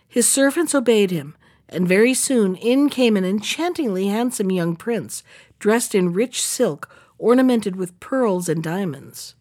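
A woman reading a fairy tale aloud in a steady, measured storytelling manner. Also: medium pitch. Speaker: narrator.

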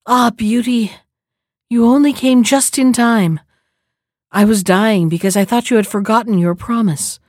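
A gentle, dying storybook beast who speaks softly and faintly, voiced by a woman reader. The sound is dry and close, with no room around it. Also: fairly high pitch, a little slow, no echo.

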